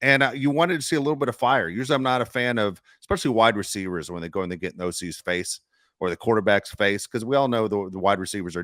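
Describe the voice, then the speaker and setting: A man's voice: on the low side, fast, fairly bright tone, dry recording, studio quality. A man co-hosting a sports podcast, giving his opinions emphatically and talking straight to his listeners. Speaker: podcast co-host. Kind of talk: casual sports talk.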